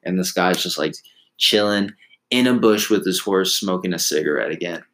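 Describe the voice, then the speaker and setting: Man, low voice, casual rambling storyteller who acts out the people he quotes. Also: moderate pace, a bit bright, rough recording. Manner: rambling, restarts, laughs at himself, acts out quotes.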